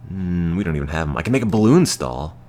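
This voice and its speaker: An American man streaming a game, chatting to his viewers in a deadpan, self-mocking way. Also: sits low, quick pace, slight background noise. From United States. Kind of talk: casual gameplay commentary to chat.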